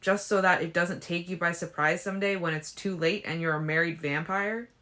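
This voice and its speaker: A woman reading an injured, jealous teenage boy in a fan audiobook, loud and blunt. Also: on the low side, fairly even intonation, a little fast, close to an everyday voice. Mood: defiant.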